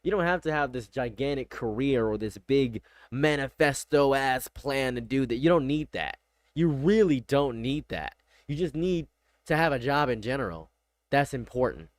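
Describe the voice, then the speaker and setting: A man's voice: mid-range voice, animated, moderate pace, dry recording. A man streaming casual reaction commentary, blunt and rambling, often repeating himself.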